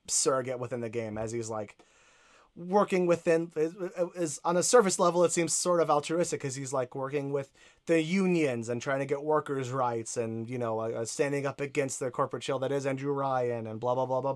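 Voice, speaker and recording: A man's voice: mid-range voice, normal speed. A man co-hosting a casual podcast, eager and rambling, often searching for words. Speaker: podcast co-host.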